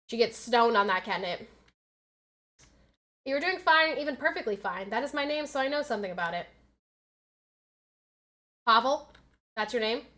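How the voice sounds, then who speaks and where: An American young woman streaming a game, chatting casually, reading chat aloud and turning frantic when the action heats up. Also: on the high side. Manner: chatty, reads chat aloud, gets loud and frantic in fights. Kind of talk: casual live-stream chat while gaming.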